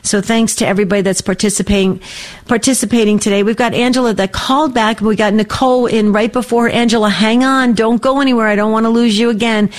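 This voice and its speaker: A woman hosting a faith-based call-in radio show, affirming callers with soft murmurs of agreement. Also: on the high side, fairly even intonation, fast talker, hardly any pauses. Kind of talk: warm call-in radio chat.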